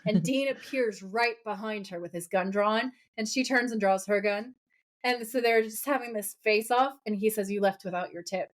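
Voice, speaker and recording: Her pitch sits fairly high and her pace is normal. A podcast co-host raised partly in America, she gives a casual, animated recap of a TV episode, playfully voicing quoted lines from the scenes.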